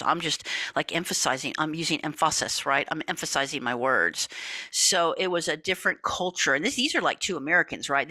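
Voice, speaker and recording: Woman instructor, mid-low pitch, bright voice, lively chatty lecture delivery. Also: no echo. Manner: lively, talkative, uses "right?" and "y'all". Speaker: college communication instructor. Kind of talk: recorded lecture.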